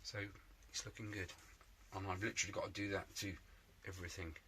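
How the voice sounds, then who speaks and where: A man chats away to camera from his workshop shed, joking at his own expense as he goes. His voice sits on the low side but comes out bright and forceful, with a faint hiss of background noise in the recording. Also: steady tone, brisk. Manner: chatty, jokey, self-mocking asides. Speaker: motorbike restoration vlogger. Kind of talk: casual workshop chat to camera.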